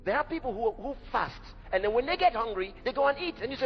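A man preaching a sermon in an emphatic, dramatic way, rising at times to a shout. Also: very high-pitched, sing-song, fairly quick, creaky. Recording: dull lo-fi recording in a reverberant hall with faint music.

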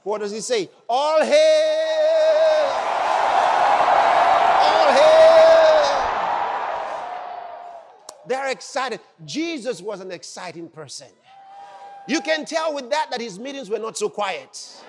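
A man preaches in a high, very lively voice, swinging up into shouted exclamations. He tells the story dramatically and takes his time. The sound rings with the long reverb of a large hall. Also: normal speed, a loud crowd, very noisy. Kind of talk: sermon.

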